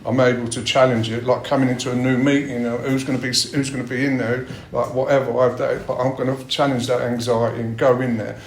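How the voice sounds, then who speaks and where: A man's voice: medium pitch, little pitch movement, fast, few pauses, a little hiss or hum. A middle-aged man giving a blunt personal share at a recovery meeting, swearing a lot as he talks. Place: meeting room. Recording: roomy meeting-room echo.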